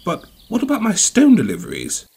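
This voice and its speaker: A man's voice: high voice, huge pitch swings, brisk, vocal fry, darkish tone, slight background noise, pitched above the performer's own voice, full character voice. Man as a flustered, earnest storybook diesel engine. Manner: slightly raised, earnest and huffy. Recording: music playing behind.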